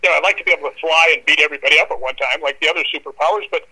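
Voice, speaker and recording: A man guesting on a podcast, telling animated anecdotes and acting out the people he quotes. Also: fairly high pitch, very fast, breathy edge, poor audio. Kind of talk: casual storytelling.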